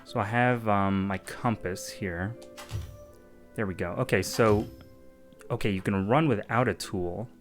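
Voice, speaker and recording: A man's voice: lowish voice, measured pace, long pauses, faint music behind. A man giving casual gameplay commentary, thinking aloud with lots of fillers. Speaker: let's-play gamer.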